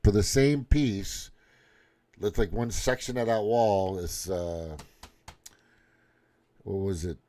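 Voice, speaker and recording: A man's voice: lowish voice, slow, long pauses, mellow. A middle-aged man ranting in casual commentary, sarcastic and swearing constantly. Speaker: commentary host.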